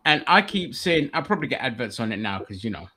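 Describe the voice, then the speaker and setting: A man's voice: medium pitch, big pitch swings, fast, pushed and bright, husky. A man chatting casually as podcast co-host, blunt and jokey with frequent swearing. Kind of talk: casual chat.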